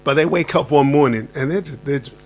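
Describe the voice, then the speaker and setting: A man's voice: on the high side, fast talker, a little mellow. A man hosting an interview, asking a long question with hesitant fillers and restarts. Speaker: host.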